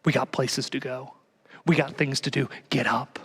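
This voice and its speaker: A man's voice: fairly even intonation, normal speed, fairly bright tone, slightly rough. A man voicing Jesus as he firmly orders his disciples to get up. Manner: low, firm, urgent commands. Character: commanding male Jesus rousing disciples.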